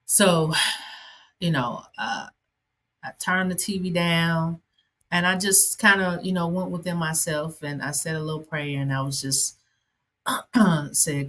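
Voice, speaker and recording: A woman's voice: sits low, slow pace, long pauses, fairly bright tone. A woman who hosts a podcast and is an ordained minister, telling a personal story in a conversational way, with many fillers and asides.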